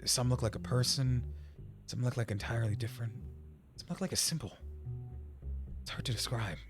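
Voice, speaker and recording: A man's voice: mid-range voice, steady tone, fairly quick, music in the background, natural voice. A man reading as a weary woman painter. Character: weary young woman painter losing time.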